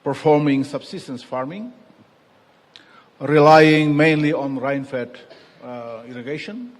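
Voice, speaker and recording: Guy moderating a panel, slow and halting, lots of uh and um, echoey hall. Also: fairly high pitch. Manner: hesitant, many fillers. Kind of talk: conference moderation. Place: conference hall. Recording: reverberant hall.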